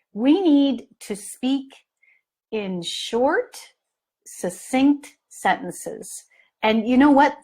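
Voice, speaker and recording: A middle-aged woman coaching parents in a live training talk, telling stories and acting out the people in them. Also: on the high side. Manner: animated storytelling, acts out scenes in lively voices.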